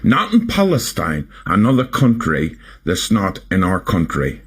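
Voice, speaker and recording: A man's voice: sits low, wildly swooping pitch, a little slow, slightly rough. A man on a livestream, indignantly scolding someone. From England. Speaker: livestream guest. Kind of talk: angry livestream rebuke.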